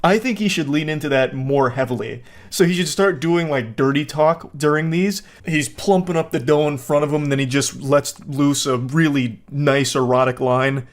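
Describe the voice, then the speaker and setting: A man with a somewhat high voice riffs through sarcastic reaction commentary, chuckling at what he sees. His delivery is incredulous and recorded close on a desk mic. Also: normal speed, few pauses. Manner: sarcastic and incredulous, laughing often.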